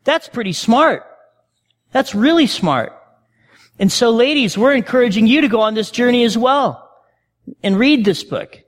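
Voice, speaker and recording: High-voiced man preaching in a reverberant hall. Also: expressive, unhurried, pauses often. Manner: conversational, calls out to the congregation. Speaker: pastor. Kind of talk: sermon.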